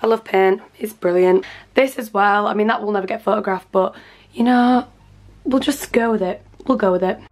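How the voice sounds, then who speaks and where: A woman's voice: mid-range voice, fairly even intonation, moderate pace. A young British woman in her twenties, chatting casually and upbeat to camera in her bedroom at home, filming on a handheld phone. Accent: British English. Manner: chatty, upbeat, rambling with fillers. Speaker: vlogger.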